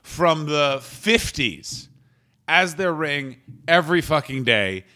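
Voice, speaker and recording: A Canadian man, a stand-up comedian co-hosting a casual comedy podcast, talking fast and profanely. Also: a little high, lively intonation, pushed and bright. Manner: fast, profane, riffing into silly voices.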